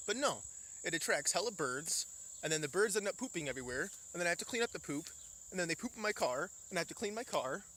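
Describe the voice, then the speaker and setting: A young Indiana man with a high, expressive voice talks fast and sharply, out of breath and cursing as he rants through a casual vlog walk around a farm. Faint insects and crickets can be heard outdoors behind him.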